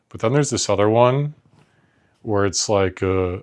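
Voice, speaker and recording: A man from New Jersey, co-hosting a podcast and telling stories in a relaxed, rambling way full of "like.". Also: on the low side, measured pace, pauses often. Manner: rambling, relaxed storytelling with frequent "like". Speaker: podcast co-host. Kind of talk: casual chat.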